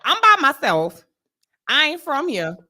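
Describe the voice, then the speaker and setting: A woman, co-hosting a casual chat show and telling a blunt, animated story with frequent laughter. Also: high-pitched, measured pace. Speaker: podcast co-host.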